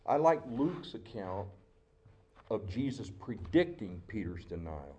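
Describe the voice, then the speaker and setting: A middle-aged man preaching a sermon as pastor, with an emotional, dramatic delivery that swings between loud outbursts and hushed asides. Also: on the low side, very animated, takes it slowly, a little hiss or hum.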